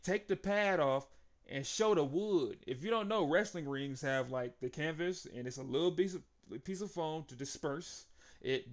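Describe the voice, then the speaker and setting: A young man giving an excitable, casual recap of a wrestling match, laughing often and acting out the wrestlers' lines. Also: fairly high pitch. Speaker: wrestling show reviewer.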